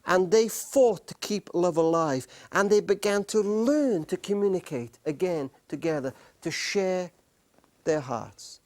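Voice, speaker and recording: A middle-aged man with a notably high voice tells stories to a live audience. He speaks earnestly and slows down on key words, leaving pauses for weight. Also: darkish tone. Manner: earnest, with slow emphatic pauses. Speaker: speaker on marriage. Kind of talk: storytelling talk to a live audience.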